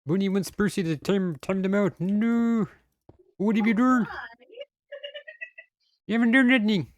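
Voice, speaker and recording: Man, game streamer, playful, excitable, silly sing-song bits, dry close sound. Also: high voice, measured pace, no room sound, muffled recording. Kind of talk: casual game-stream chat.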